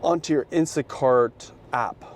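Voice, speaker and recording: A laid-back, middle-aged man talks to his camera in a casual vlog, his voice sitting at an ordinary pitch and slipping into easy slang. A faint hum of background noise runs under him. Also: unhurried. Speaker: vlogger.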